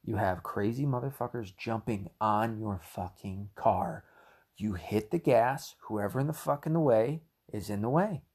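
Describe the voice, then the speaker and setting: A man's voice: fairly low pitch, measured pace, darkish tone, husky. A man giving a heated, rambling solo commentary, full of swearing. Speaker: political commentator.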